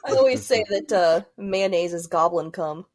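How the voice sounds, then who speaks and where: A woman's voice: lowish voice, expressive, normal speed. A woman co-hosting a podcast in casual chat, blunt and joking. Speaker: podcast co-host.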